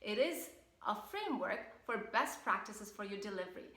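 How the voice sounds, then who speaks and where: A woman's voice: medium pitch, sing-song, moderate pace, pushed and bright. A woman coach giving an upbeat, emphatic lesson on public speaking. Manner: upbeat, emphatic teaching with demonstrations of pace. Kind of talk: online course lesson. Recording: echoey room.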